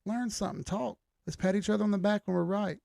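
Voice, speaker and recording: A middle-aged man hosts a live stream in a loose, easygoing way, calling out viewers by name. His voice is gravelly and sits a little high. The sound is very dry and close. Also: fairly even intonation, quick pace, warm tone, no echo. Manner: laid-back, greets viewers by name, swears casually. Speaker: livestream host. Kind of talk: casual live-stream chat.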